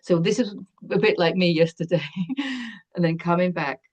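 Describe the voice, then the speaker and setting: Woman tarot reader, soft and calming, lowish voice, gentle guidance. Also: normal speed, dull audio. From United Kingdom. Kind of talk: spiritual tarot reading to camera.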